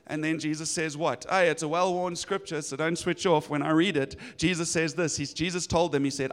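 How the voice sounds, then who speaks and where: A man preaching a sermon, animated and acting out voices of people in the story. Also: a little high, fairly quick, few pauses. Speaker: pastor.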